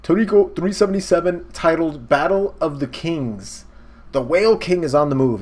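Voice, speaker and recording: A young man hosts a casual reaction video with a middle-pitched voice. He retells the action excitedly, throws in swearing and punchy sound effects, and talks into a desk mic. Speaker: host. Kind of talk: casual manga reaction commentary.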